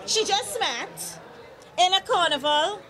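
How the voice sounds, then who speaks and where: A woman hosts quick interviews at a comedy show, her voice pitched high. She sounds enthusiastic and effusive, thanking her guests and praising their sets. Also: expressive, sharp tone, soft background music, a faint crowd. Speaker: interviewer for an online Caribbean network. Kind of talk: casual event interview.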